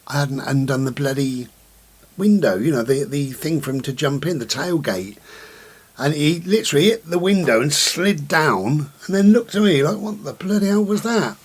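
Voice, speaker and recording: A middle-aged man, talking slowly and gently to the camera in a reflective vlog, with many pauses and repetitions. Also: on the high side, lively intonation, breathy edge. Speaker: vlogger.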